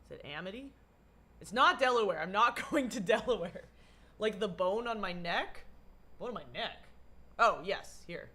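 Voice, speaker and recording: A young adult woman livestreaming with a slightly hoarse voice, rambling and swearing casually while she greets her chat. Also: medium pitch, animated, normal speed, bright, forceful tone.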